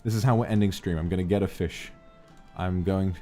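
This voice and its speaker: A man streaming a game, chatting casually in a playful, theatrical way, moving between grand declarations and hushed asides. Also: deep voice, fairly even intonation, brisk, soft background music. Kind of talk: casual gameplay stream chat.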